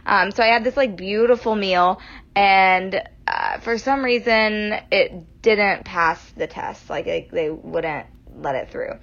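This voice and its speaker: Casting: young woman, gravelly fry, casual chat, slightly muffled lo-fi recording. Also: medium pitch, slow. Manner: expressive, laughs easily. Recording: dull lo-fi sound.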